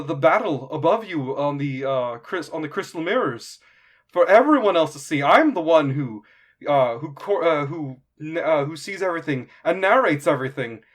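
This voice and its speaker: A man voicing a nosy male arena announcer who interviews fighters, chattering in a fussy, high-strung way. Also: expressive, normal speed, natural voice. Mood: eager.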